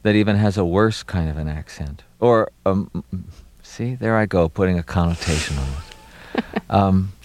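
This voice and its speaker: A middle-aged man from Maryland, an actor being interviewed, talking reflectively with many pauses and fillers and a wry touch. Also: sits low, a little mellow, dry recording. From Maryland, USA.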